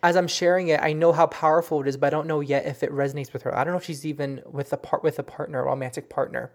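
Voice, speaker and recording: Softly emotional and earnest, a psychic medium tells the personal story of a reading, stumbling and starting sentences over as if sorting through the memory aloud. The speech is halting, in a mid-range voice with fairly even intonation.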